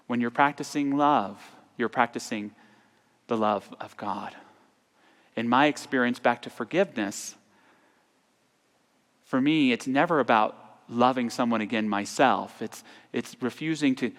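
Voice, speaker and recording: A man giving an earnest sermon as minister, his voice sometimes falling almost to a whisper. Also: mid-range voice. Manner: earnest, with soft drops to near-whispers. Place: large church sanctuary. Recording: long church reverb.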